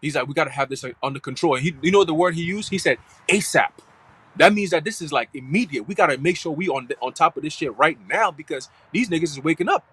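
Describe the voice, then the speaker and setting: A man's voice: fairly high pitch, fast, hardly any pauses, a bit bright, husky, poor audio. A man giving a live church teaching in casual, slangy, profane talk full of fillers. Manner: slangy and profane, heavy fillers like "you know what I'm saying". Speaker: church speaker.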